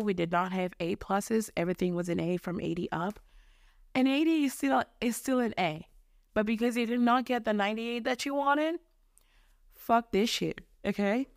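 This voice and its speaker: A woman's voice: mid-range voice, no echo, studio quality. A young woman from Mozambique hosting a solo podcast from her bedroom, ranting casually in a rambling, self-deprecating way with casual swearing. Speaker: podcast host.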